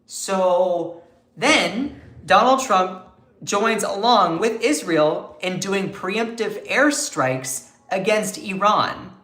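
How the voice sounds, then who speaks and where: A man's voice: high voice, pushed and bright, reverberant. A man giving casual, sarcastic political commentary on a live stream, asking rhetorical questions.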